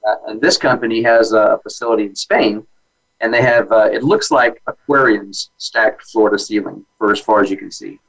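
A man's voice: fairly low pitch, steady tone, normal speed, vocal fry, a bit bright, low-quality recording. A man talking as a guest in a casual interview chat, enthusiastic and explaining at length with fillers and restarts.

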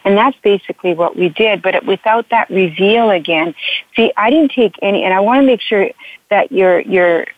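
A woman's voice: medium pitch, moderate pace, no echo. A woman author and couples counselor telling her story in an interview, earnest and emotional, often repeating herself. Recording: dry tinny phone line.

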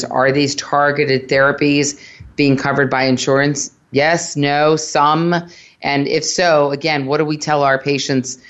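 A man's voice: medium pitch, a bit bright. A radio show host, a man with an ordinary mid-range voice, guides the conversation with earnest questions. He sums up the advice for listeners in plain terms, and his recording sounds a little dull and lo-fi. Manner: earnest, guiding questions, summarizing. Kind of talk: radio interview.

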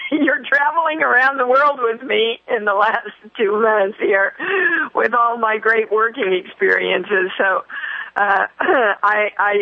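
A woman's voice: a little high, steady tone, slow pace, creaky, no room sound. Woman rambling on a tinny phone line. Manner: effusive, rambling, frequent fillers and restarts. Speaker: radio show host. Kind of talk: spiritual talk show monologue.

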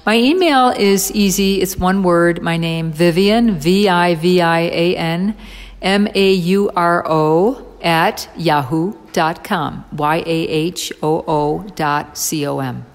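A woman guest in an interview, telling her story in a lively, excitable way with frequent fillers. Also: lowish voice, takes it slowly, big-room sound. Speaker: interview guest, dog rescuer.

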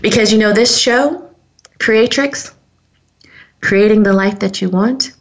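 A woman's voice: medium pitch, slow pace, muffled recording. A woman hosting a podcast, telling a personal story in an earnest, heartfelt way straight to her listeners. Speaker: podcast host.

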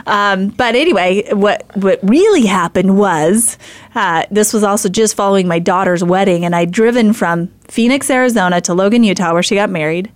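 A woman's voice: medium pitch, normal speed, no room sound. Chatty middle-aged woman telling a story. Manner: chatty, rambling with many fillers and restarts. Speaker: faith show host. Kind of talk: casual storytelling.

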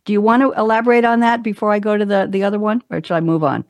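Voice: medium pitch, steady tone, racing, no room sound. A panel moderator leading a live round table discussion, chatty and teasing, telling anecdotes between questions.

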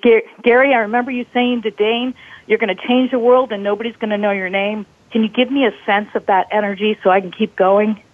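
A woman's voice: mid-range voice, fairly even intonation, a little fast. A woman from Colorado calling in to a talk show, earnest and grateful. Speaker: caller. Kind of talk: call-in question. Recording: tinny phone line.

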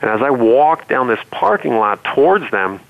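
Gravelly man telling stories over a phone. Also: mid-range voice, moderate pace. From Cleveland, Ohio area. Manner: relaxed, rambling with many fillers and restarts. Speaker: interview guest, former pro basketball player. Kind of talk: storytelling in conversation. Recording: tinny phone-line sound.

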